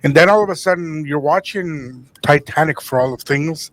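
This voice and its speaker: A man's voice: a little high, normal speed, hardly any pauses, a bit bright, dry recording. A man co-hosting a casual podcast conversation, joking and acting out both sides of everyday arguments.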